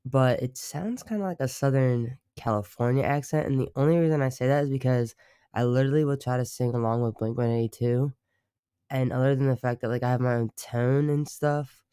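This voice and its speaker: Young man from Baltimore, loose rambling streamer chat, mellow tone, dry close sound. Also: medium pitch, brisk, clear, resonant tone, no echo. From Baltimore, United States. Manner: rambling, swearing, many fillers. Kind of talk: casual livestream chat.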